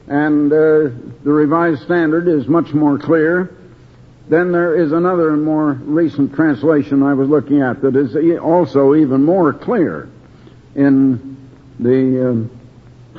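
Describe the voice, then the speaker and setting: An older man preaching a slow, deliberate Bible study sermon with many pauses and restarts, heard over a tinny broadcast. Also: fairly high pitch, breathy edge. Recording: tinny phone-like radio broadcast.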